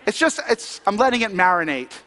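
The pastor's voice is high and sharp, swinging widely in pitch as he speaks briskly. He preaches conversationally, asking the congregation questions, and a long reverb tail follows him.

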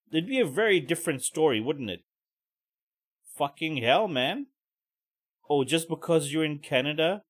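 A man's voice: mid-range voice, a bit bright. A man hosting a podcast, giving profane, heated, mocking commentary. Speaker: podcast host. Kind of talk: ranting commentary.

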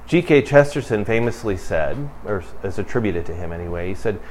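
There's a little hiss or hum as a pastor delivers an expressive, brisk sermon. Speaking conversationally, he rises to emphatic bursts and then falls low and quiet.

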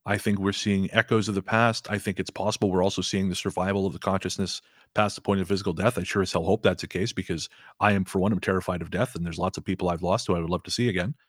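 A man's voice: sits low, steady tone, quick pace, no room sound, clean studio sound. A man answering as a podcast guest, talkative and frank. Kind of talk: casual interview chat.

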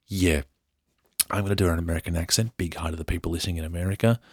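A man's voice: deep voice, fairly even intonation, racing, breathy edge, dry recording, studio quality. An English man hosting a podcast, reading a news story aloud with chatty, joking asides. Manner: chatty, playful, jokey. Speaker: podcast host.

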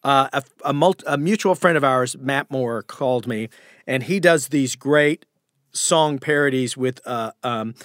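A man on a podcast telling lively stories about his career as an impressionist, often slipping into quick impressions. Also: medium pitch, no echo, clean studio sound. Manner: animated storyteller who slips into impressions. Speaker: guest impressionist. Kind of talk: casual podcast chat.

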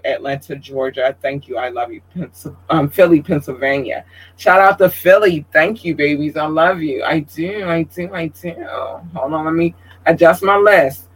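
Male host, bright forceful voice, pitched a touch high, gushing and playful with listener shout-outs. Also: moderate pace, low-quality recording. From Baltimore, Maryland. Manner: effusive, animated, playful. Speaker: show host. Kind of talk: casual podcast shout-outs.

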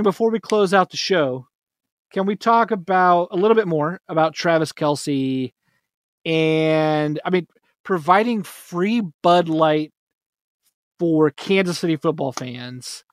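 A man hosting a casual sports podcast, upbeat and quick to laugh. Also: fairly high pitch, no room sound, clean studio sound. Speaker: podcast host.

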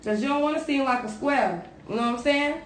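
Loud, high-voiced woman podcast co-host. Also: fast talker, reverberant, a little hiss or hum. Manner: loud, profane, animated storytelling. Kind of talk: casual chat.

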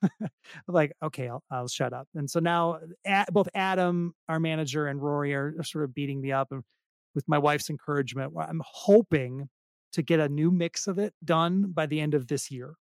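A man's voice: a little high, fairly even intonation, normal speed, dry recording, studio quality. A middle-aged man talking casually as an interview guest, self-deprecating and rambling with many restarts. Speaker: podcast guest, singer-songwriter.

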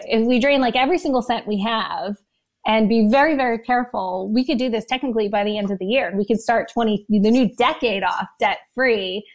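A woman in her thirties telling her story as an interview guest, emotional and close to tears. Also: fairly high pitch. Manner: emotional, talks in quick bursts. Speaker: podcast guest.

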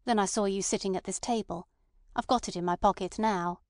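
Brief: woman reading an impatient male radical, blunt and loud-ish, dry close sound. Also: medium pitch, steady tone, fairly quick, dry recording, lightly acted. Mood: agitated. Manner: blunt, agitated. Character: impatient resentful male anarchist, Ossipon.

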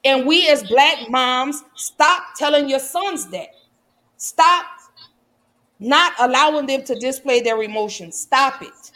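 A woman's voice: sits high, takes it slowly, sharp tone. A mother giving impassioned, preachy commentary in a casual, colloquial way. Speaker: vlogger and mother.

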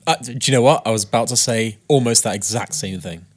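A man co-hosting a podcast, with dry deadpan humour and occasional bursts of surprise. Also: lowish voice, fast. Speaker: podcast co-host. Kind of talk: casual podcast chat.

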